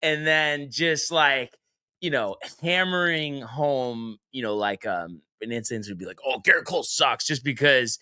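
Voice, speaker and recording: Guy hosting a sports podcast, bright lively voice, exasperated ribbing, dry close mic. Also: mid-range voice, unhurried, clear, resonant tone, dry recording. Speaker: podcast host. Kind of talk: casual sports podcast banter.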